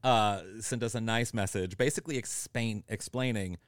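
A man co-hosting a podcast in casual chat, playful and quick to laugh. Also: fairly low pitch, no echo, clean studio sound. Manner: animated, playful, laughs often. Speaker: podcast co-host.

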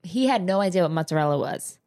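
A woman's voice: lowish voice, expressive, fast talker, dark tone. A young woman with a New Jersey accent co-hosts a casual podcast. She laughs often, swears freely and cuts in over her friend. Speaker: podcast co-host. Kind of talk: casual chat.

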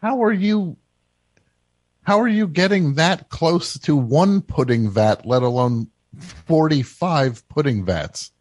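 A man hosting a call-in comedy radio show, asking deadpan, halting questions. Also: fairly high pitch, no echo. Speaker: host. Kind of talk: casual call-in radio chat.

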